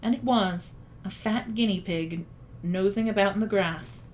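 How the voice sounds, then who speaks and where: A woman reading a children's story aloud in a calm, even storytelling manner. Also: medium pitch, a little slow, a little hiss or hum. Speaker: audiobook reader. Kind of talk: storybook narration.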